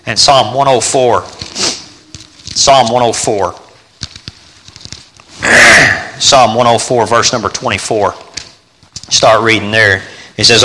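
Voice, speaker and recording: A man preaching a sermon, swinging between loud exclamations and quiet asides and repeating phrases for emphasis. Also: mid-range voice, steady tone, slow pace, pauses often, slight background noise. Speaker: pastor. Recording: church hall with long reverb.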